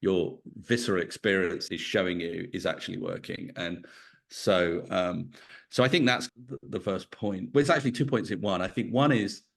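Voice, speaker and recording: A middle-aged man answering interview questions in a reflective, storytelling way, thinking aloud as he goes. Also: fairly low pitch. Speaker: podcast guest, venture investor.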